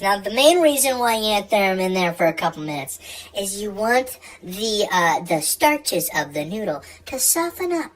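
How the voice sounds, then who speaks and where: A woman's voice: fairly high pitch, low-quality recording. A woman hosting a casual comedic cooking video, rambling, joking and stumbling over her words. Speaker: cooking show host.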